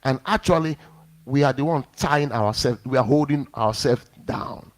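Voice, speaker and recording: A male pastor preaching at a middle pitch, telling his own story in a sermon. He talks with animation and acts out what others said to him. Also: normal speed. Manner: animated storyteller acting out quotes.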